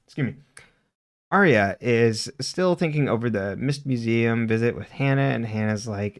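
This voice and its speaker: A man's voice: mid-range voice, measured pace. Chatty man recapping a show. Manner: animated retelling, quoting characters, laughs often. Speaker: podcast co-host. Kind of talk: casual recap chat.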